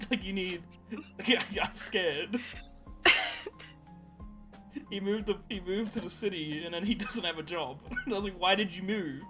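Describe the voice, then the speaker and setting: A man's voice: high-pitched, measured pace, long pauses, bright, forceful tone, faint music behind. A young man co-hosting a podcast, telling rambling stories in casual chat and laughing often. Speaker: podcast co-host.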